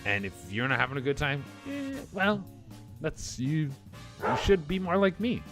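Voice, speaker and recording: A man's voice: a little high, very animated, moderate pace. A man hosting a comedy reaction show, riffing casually with rambling, profane jokes between clips. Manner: rambling, profane, jokey riffs. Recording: music playing behind.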